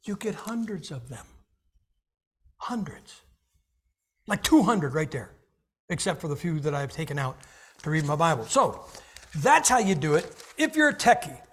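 Lively, joking male preacher. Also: a little high, normal speed, pauses often, husky. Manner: animated, jokey, acts out little scenes. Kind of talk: humorous sermon.

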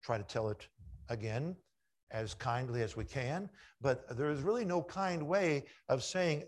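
A middle-aged male preacher delivers a sermon full of anecdotes. He swings from booming, excited retellings down to soft, confiding asides, in a voice of ordinary middle pitch. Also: measured pace. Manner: lively storyteller, shifts from loud acted quotes to hushed asides. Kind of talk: sermon with stories.

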